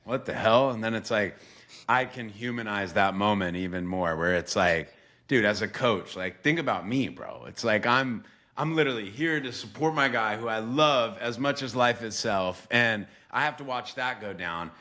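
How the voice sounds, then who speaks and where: A man's voice: fairly low pitch, normal speed, bright, forceful tone. A young man hosting a sports podcast, talking earnestly with casual swearing and lots of "bro" and "like". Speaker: podcast host and former quarterback coach. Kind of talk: emotional interview conversation.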